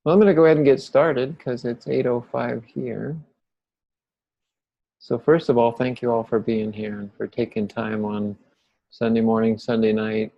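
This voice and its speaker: Host, man, gravelly tone, unhurried reflective spiritual talk, dry slightly muffled video-call sound. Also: medium pitch, little pitch movement, dry recording. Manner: laughs often, playful greetings, slow reflective phrasing. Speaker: spiritual teacher hosting an online gathering. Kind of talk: casual chat, then gentle spiritual talk.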